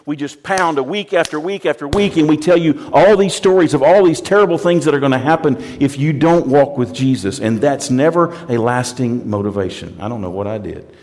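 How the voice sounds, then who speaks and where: A man's voice: on the high side, fairly quick, hardly any pauses, darkish tone. A male pastor preaching a sermon in a plain-spoken way, often repeating words and acting out quoted voices.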